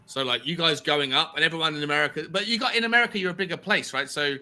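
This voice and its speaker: Man from the UK, very bright sharp voice, chatty explaining tone. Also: on the high side. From United Kingdom. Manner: quick, chatty, explains with likes and rights. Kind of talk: casual chat.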